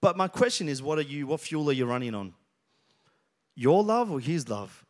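A man, a pastor preaching a sermon, telling stories and building to loud, emphatic passages. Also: a little high, big pitch swings, moderate pace.

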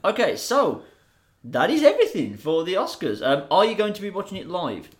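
A man co-hosting a podcast in casual chat. His voice sits a bit high and swings widely in pitch. He jokes and mocks himself, laughing often. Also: huge pitch swings, brisk. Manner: jokey, self-mocking, laughs often. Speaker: podcast co-host.

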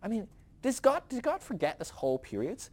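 A man's voice: sits high, sing-song, brisk. A man hosting a podcast who teaches from the Bible in a casual storytelling way, laughing often.

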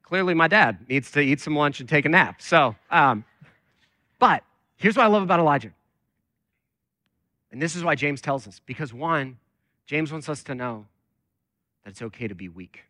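A man's voice: a little high, expressive, normal speed, long pauses, pushed and bright, no room sound, clean studio sound. A man preaching a conversational sermon as lead pastor, talking with many fillers.

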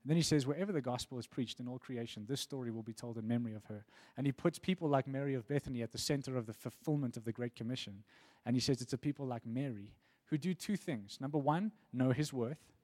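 A man's voice: mid-range voice, fast, hardly any pauses, darkish tone. A man preaching a sermon in an earnest way, often repeating words as he builds emphasis.

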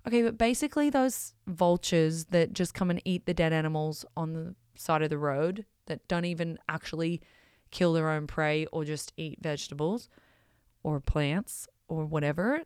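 A woman's voice: low voice, normal speed, clean tone, no echo, studio quality. A woman, a parent of school-age kids, talking in a blunt, emphatic, casual monologue and swearing freely. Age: adult parent of school-age kids.

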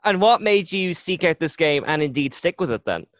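A man's voice: a little high, animated, normal speed, no echo. A man hosting a casual interview, asking curious questions and laughing easily. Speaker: podcast host. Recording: dry, dull lo-fi sound.

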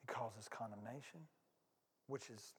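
A man preaching a sermon as pastor, talking conversationally, swinging from loud bursts to hushed asides and repeating phrases for emphasis. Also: medium pitch, steady tone, a little slow, slightly rough, in a large hall. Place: church sanctuary.

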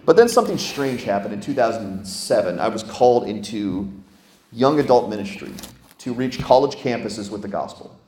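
A man's voice: fairly low pitch, normal speed, echoey room. A man preaching a sermon, telling stories and asking the congregation questions. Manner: storytelling, animated, asks the congregation questions. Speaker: pastor.

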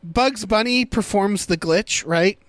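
Man, high voice, casual movie review chat, rambling, restarts, dry recording. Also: slow pace, a bit bright, no room sound. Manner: rambling, thinks aloud with restarts.

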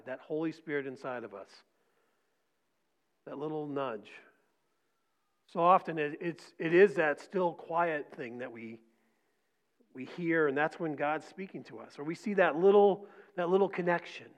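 Middle-aged pastor with a conversational sermon style. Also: male voice, fairly high pitch. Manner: conversational preaching with frequent "right?" and repeated words; drops to soft near-whispers for emphasis. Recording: dull lo-fi recording.

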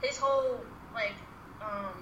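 A woman's voice: on the high side, slow pace, a bit bright, lo-fi sound. A woman in casual chat, talking hesitantly and restarting her sentences. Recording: roomy with background noise.

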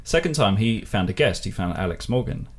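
Low husky-voiced man hosting a chat podcast, dry teasing delivery. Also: lively intonation, brisk. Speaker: podcast host. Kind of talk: casual chat.

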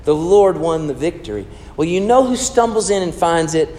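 A man with a high, bright-pitched voice delivers a sermon in a church, his words ringing with a long hall reverb. He swings from loud emphasis down to hushed, intimate storytelling. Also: lively intonation, normal speed. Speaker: pastor.

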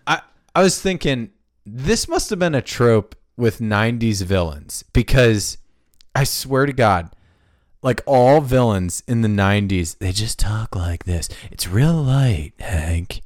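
A man's voice: mid-range voice, expressive, measured pace, no echo. A man hosting a podcast in a studio, chatting casually, joking and swearing freely. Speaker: podcast host. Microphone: studio microphone.

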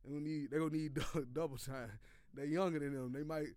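A man's voice: on the high side, steady tone, fast, darkish tone, no room sound, clean studio sound. A man hosting a sports podcast, delivering a loose, profane, slangy rant with lots of repeated phrases. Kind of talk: casual sports commentary monologue.

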